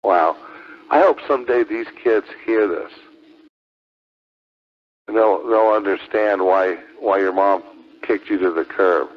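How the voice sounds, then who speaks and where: A man with a fairly low voice argues on air over a ham radio link. He taunts and swears, hammering the same accusations again and again. The transmission sounds dull and lo-fi. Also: measured pace, pauses often. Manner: taunting, profane, repeats accusations. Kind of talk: heated on-air argument.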